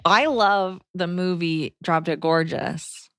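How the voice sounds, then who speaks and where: A woman's voice: on the low side, slow pace, smooth. A woman co-hosting a podcast in casual chat, reading listener letters aloud. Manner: easygoing, reads letters aloud.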